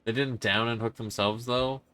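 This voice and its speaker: Guy streaming a horror game, cussing and confused, mid-pitch voice, just thinking out loud. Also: fairly even intonation, moderate pace, clean tone. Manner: frank, swearing, puzzled and self-critical. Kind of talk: casual gameplay commentary.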